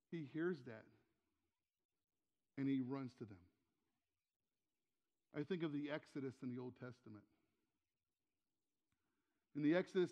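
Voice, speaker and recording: A man's voice: fairly high pitch, in a large hall, lo-fi sound. An older man preaching a sermon as pastor in a church, talking in a conversational way, asking rhetorical questions and repeating key phrases. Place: church sanctuary.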